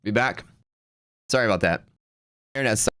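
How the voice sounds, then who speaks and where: Laid-back low-voiced man rambling. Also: a little fast, pushed and bright, no room sound. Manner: rambling, laid-back, full of fillers and restarts. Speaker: streaming day-trading host. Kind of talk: casual storytelling on a livestream.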